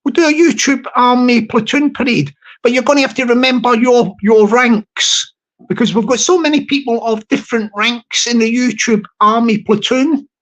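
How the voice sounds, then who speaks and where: A man's voice: extremely high pitch, moderate pace, fairly bright tone. A man hosting a casual livestream chat, rambling and joking with his viewers. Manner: rambling, playful and jokey. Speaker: livestream host.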